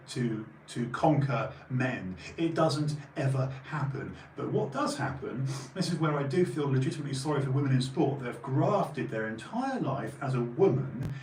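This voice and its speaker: Forties male host, emphatic and rambling, middle-pitched, recorded off-mic in an echoey room. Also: animated, normal speed, few pauses, darkish tone, recorded from a distance. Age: 40s. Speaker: channel host. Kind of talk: casual opinion monologue. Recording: roomy echo, voice off-mic, faint background hum.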